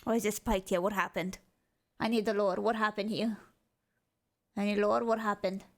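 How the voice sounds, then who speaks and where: A woman streamer reacting casually to videos, excitable and swearing, with many exclamations. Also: medium pitch, normal speed.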